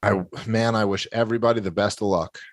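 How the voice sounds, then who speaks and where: A man with a low voice speaks in a rambling, emphatic podcast monologue and swears now and then. The sound is dry and close, with no room around it. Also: steady tone, fast, no echo.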